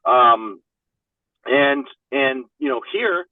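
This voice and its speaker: A man's voice: mid-range voice, extremely slow, no room sound. A man speaking as a podcast guest in a casual, candid chat, swearing often and leaning on fillers like "you know what I mean". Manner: profane, filler-heavy, 'you know what I mean'. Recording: dry, phone-like narrow sound.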